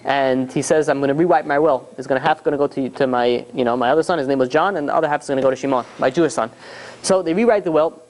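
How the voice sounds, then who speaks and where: A man's voice: mid-range voice, fast, slight background noise. A man, a rabbi, telling a story to a class and acting out the dialogue with lots of restarts.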